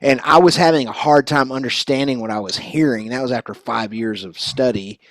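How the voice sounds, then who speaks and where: A talkative American man hosts a casual live chat and drifts from story to story. His voice is close and dry, at a middle pitch. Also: a little fast, no room sound. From United States. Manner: talkative, rambling, with restarts. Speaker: streamer hosting a live chat.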